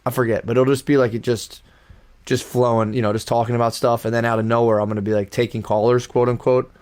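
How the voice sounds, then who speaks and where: A young man co-hosts a podcast, speaking fast at a medium pitch with a flat, slightly mellow delivery. His casual chat rambles, full of fillers and restarts.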